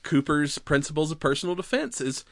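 A man's voice: fairly high pitch, animated, brisk, a bit bright, dry recording, clean studio sound. A man co-hosting a podcast, retelling a film in casual chat, laughing often and acting out its lines. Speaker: podcast co-host.

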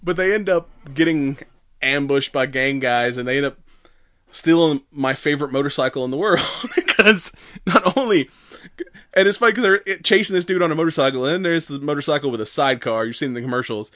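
A man's voice: fairly high pitch, a little fast, dry recording, clean studio sound. A man in casual podcast chat, retelling a film with lots of laughter and acted-out quotes. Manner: animated storytelling, acts out quotes, laughs often. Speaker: podcast co-host. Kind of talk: casual movie recap chat.

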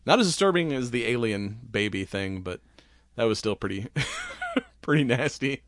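A man's voice: mid-range voice, sing-song, normal speed, a bit bright, no echo. A man talking in a loose, rambling chat, laughing often and dropping swear words. His voice sits in a mid register and sounds close and dry, with no room around it. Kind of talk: casual movie recap chat.

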